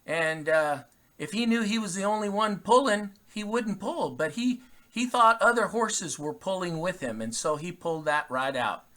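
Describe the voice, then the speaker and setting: A man voicing an old male farmer who patiently coaxes his horse, shouting its name loud and high. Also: moderate pace. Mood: explaining.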